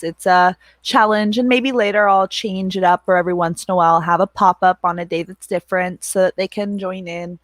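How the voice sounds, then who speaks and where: This livestream host and moderator is a woman in her thirties whose voice sits on the low side, recorded with no room sound. She talks casually with her viewers, rambling, laughing frequently, and swearing now and then.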